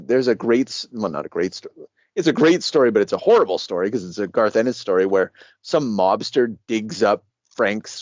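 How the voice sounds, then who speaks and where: A man co-hosting a casual podcast about comics, talking in an animated way, laughing often and swearing freely. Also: on the low side, dry recording. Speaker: podcast co-host. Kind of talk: casual comic book discussion. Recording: dry, dull lo-fi sound.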